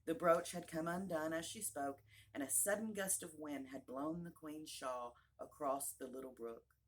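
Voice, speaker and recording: A woman narrating a classic children's storybook aloud in a calm, measured way. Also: low-pitched. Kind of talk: audiobook narration.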